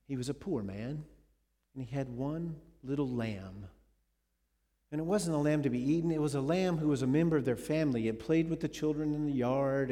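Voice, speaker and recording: Mellow-voiced preacher in a reverberant hall. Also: male voice, medium pitch. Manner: dramatic retelling, asks the listeners questions. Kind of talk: sermon storytelling.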